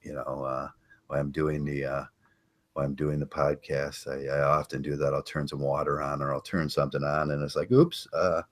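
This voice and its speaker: An older man hosting a casual podcast, rambling and chatting with listeners, halting with many fillers and restarts. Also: very deep voice, monotone. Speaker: podcast host. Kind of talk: casual live-stream chat.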